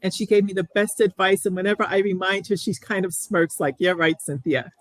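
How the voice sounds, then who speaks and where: A woman's voice: mid-range voice, level tone, brisk, rough recording. A middle-aged woman, a guest on an interview show, speaking earnestly and reflectively, often restarting her sentences. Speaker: guest sharing her story. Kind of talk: candid interview.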